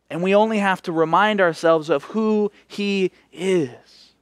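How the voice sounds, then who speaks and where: Expressive higher-voiced male pastor. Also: a little slow, few pauses, dry recording, studio quality. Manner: expressive preaching, swinging between emphatic and hushed. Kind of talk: sermon.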